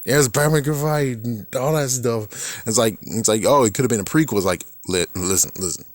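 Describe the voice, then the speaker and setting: A man with a low-pitched voice rants about movies in a loose, profane, exasperated way. He jumps between his own view and mocking voices for other people. His recording sounds dry and close, with no room echo. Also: brisk. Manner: profane, exasperated and animated, acts out quotes. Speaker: movie commentary vlogger. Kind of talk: casual ranting movie opinion vlog.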